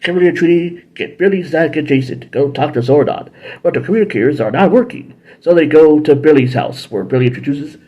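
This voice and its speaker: A man hosting a casual episode review, rambling and correcting himself, now and then jumping into high acted voices. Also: a little fast, husky, highs cut off. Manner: rambling, self-correcting, jumps into high-pitched character voices. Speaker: show host reviewing episodes.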